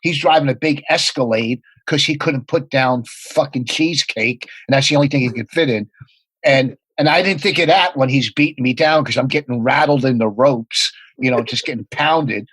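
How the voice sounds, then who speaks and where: Husky man telling profane comedy stories. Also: medium pitch, a bit bright, no room sound, low-quality recording. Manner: rapid profane anecdotes with laughter. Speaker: comedian guest. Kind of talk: casual podcast storytelling.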